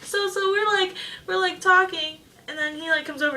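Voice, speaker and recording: A teenage girl telling a story in a casual vlog, giggly and excitable, talking over her friend. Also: very high voice, brisk. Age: teens. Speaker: vlogger. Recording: distant camera mic, faint hiss.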